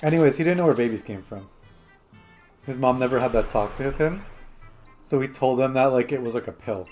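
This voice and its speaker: A man's voice: mid-range voice, fairly quick, darkish tone, soft background music. A man hosting a gaming stream, chatting casually and rambling through stories with lots of 'like' fillers. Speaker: streamer host. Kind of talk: casual chat while gaming.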